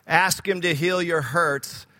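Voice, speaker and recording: A man's voice: fairly high pitch, fairly even intonation, slow pace, bright, forceful tone, in a large hall. A man preaching a sermon, earnest and repeating key words for emphasis, growing fervent when he quotes scripture.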